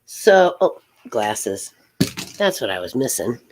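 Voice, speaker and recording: A middle-aged woman hosting a casual live tarot reading, rambling and halting, with many fillers and soft laughs. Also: rumbling low, big pitch swings, background noise.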